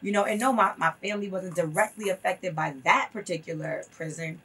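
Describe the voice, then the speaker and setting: A woman guest on a talk show tells her story earnestly and with emphasis in an interview conversation. Her voice is on the low side, a little fast, sharp, and breathy, and she sounds distant from the mic.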